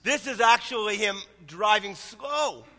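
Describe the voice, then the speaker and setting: A man voicing a weary wife who tells on her husband in a dry, low-key way. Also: lively intonation, a little slow, pushed and bright, long reverb tail, exaggerated voice.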